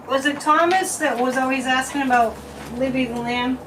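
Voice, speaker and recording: A woman from Massachusetts chats through a casual psychic livestream at home, her voice sitting a little high. She is talky and mocking, repeating words in strings. The mic is some way off, with a faint hiss behind her. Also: steady tone, normal speed, recorded from a distance. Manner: chatty, repetitive, mocking, with frequent laughs.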